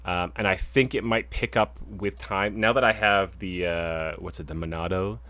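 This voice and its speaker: A man's voice: low-pitched, fairly even intonation, normal speed, fairly bright tone. A young man co-hosting a video game podcast, chatting casually and rambling with lots of restarts. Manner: rambling, many fillers and restarts. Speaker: podcast co-host. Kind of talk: casual chat.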